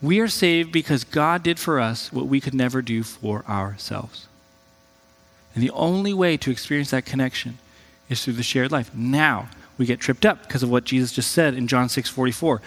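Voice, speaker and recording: A man, a pastor, preaching a conversational and animated sermon, jumping up in pitch when he voices quoted people. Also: moderate pace, big-room sound.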